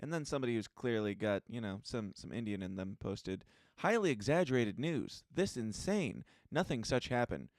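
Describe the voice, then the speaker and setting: A man's voice: medium pitch, animated, moderate pace, hardly any pauses, dry recording. A man co-hosting a casual news podcast, talking in a blunt, exasperated and emphatic way. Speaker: podcast co-host. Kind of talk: casual news-commentary chat.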